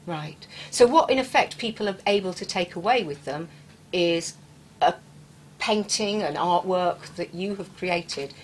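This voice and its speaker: A woman's voice: fairly low pitch, measured pace, a little hiss or hum, poor audio. A woman with an English accent hosting an interview, asking questions with enthusiasm and small stumbles. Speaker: radio-style show host, interviewer. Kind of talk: interview chat.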